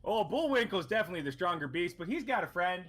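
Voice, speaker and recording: A man's voice: high voice, big pitch swings, fast talker, a bit bright, voice pushed up, exaggerated voice. A man voicing a chatty, friendly male shopkeeper who rambles and keeps tagging his lines with "eh". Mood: folksy. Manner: folksy, rambling, tags lines with "eh".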